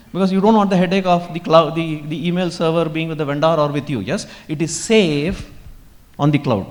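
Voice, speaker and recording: A man with an Indian English accent giving a conference talk, asking the audience rhetorical questions and acting out short exchanges. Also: high-pitched. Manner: engages the audience with rhetorical questions and mock dialogues. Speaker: conference speaker. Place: large conference hall. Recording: hall reverb.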